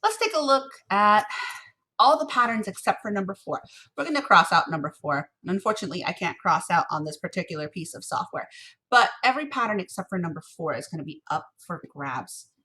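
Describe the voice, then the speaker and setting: A woman's voice: medium pitch, big pitch swings, a little fast, sharp tone. A young adult woman teaching an online music lesson to children from her home office, playful and encouraging, chanting rhythm syllables.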